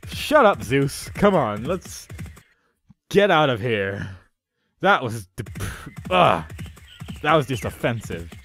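Animated young man venting through a game. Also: mid-range voice, slow, long pauses, faint music behind. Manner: exasperated, sarcastic, melodramatic. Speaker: let's play commentator. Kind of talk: comedic game commentary.

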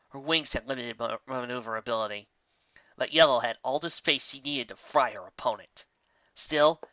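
A woman narrating a storybook tale in a steady, plain reading voice, in a slightly muffled lo-fi recording. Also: extremely low pitch, no room sound. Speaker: fan fiction reader.

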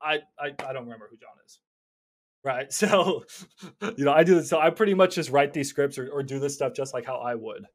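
Guy explaining cold calls, loose and energetic, trips over his words a lot, average pitch. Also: a little fast. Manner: energetic, stumbling repeats, slips into acted phone calls. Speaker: real estate investor teaching cold calling. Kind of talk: casual instructional talk.

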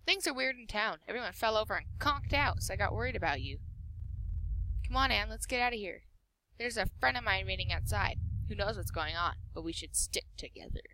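A woman's voice: medium pitch, lively intonation, a little fast, pushed and bright, a little hiss or hum, poor audio. A woman reading as a worried schoolgirl coaxing her friend. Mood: earnest.

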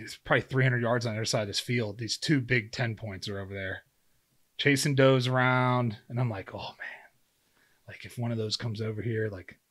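A man in his thirties, a podcast guest, telling a story in casual conversation, acting out his own quotes with lots of fillers. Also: medium pitch. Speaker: guest, former pro football player turned hunter.

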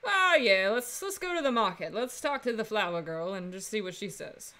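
A woman's voice: medium pitch, expressive, normal speed, hardly any pauses, sharp tone. Playful woman streaming a game. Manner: playful, laughing asides. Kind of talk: casual game stream commentary.

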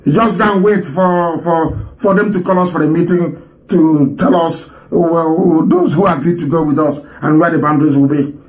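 Animated high-voiced man in live broadcast. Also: moderate pace, low-quality recording. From Nigeria. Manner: animated, scornful, laughs often, swings between loud and low. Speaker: broadcaster addressing listeners.

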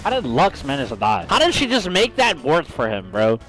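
A young male streamer commentating his own gameplay, frustrated and swearing constantly. His voice sits high and leaps wildly between grumbling lows and shrill peaks. Faint music plays behind him. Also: huge pitch swings, brisk, a bit bright, poor audio. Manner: frustrated, swearing, ranting at teammates; swings from low mutters to shrieking outbursts.

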